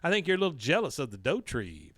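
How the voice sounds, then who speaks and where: A man voicing a heavy, lonely middle-aged man who snaps back indignantly, pitched a little higher than his own voice. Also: wildly swooping pitch, fast talker, fairly bright tone, dry recording, studio quality, full character voice. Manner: indignant retorts.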